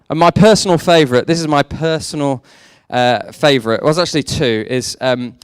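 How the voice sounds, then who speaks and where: A man's voice: medium pitch, lively intonation, normal speed, hardly any pauses, clean tone, dry recording. A young man preaching a sermon, mixing faith talk with self-deprecating jokes about his past. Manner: jokey, self-deprecating storytelling. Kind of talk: sermon with personal stories.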